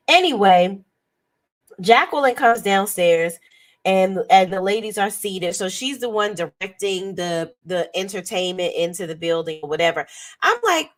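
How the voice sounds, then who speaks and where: A hoarse woman giving a blunt, sassy, profane commentary as a reality TV reviewer. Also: mid-range voice, sing-song, unhurried. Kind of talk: casual commentary.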